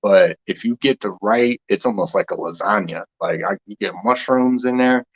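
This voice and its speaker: A man's voice: fairly low pitch, moderate pace, highs cut off. A man hosting a casual spiritual talk session. He rambles and meanders, laughs often, and trails off mid-thought.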